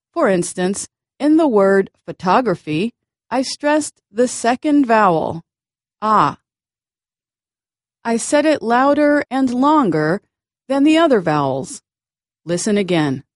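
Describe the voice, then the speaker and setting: Woman, pronunciation teacher, scripted lesson, lively pitch, clear deliberate words. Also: no echo, studio quality. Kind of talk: slow scripted lesson narration.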